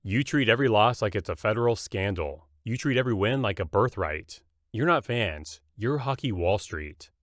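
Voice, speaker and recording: A man narrating a scripted comedy roast in a mocking, punchy deadpan. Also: lowish voice, moderate pace, no echo, clean studio sound.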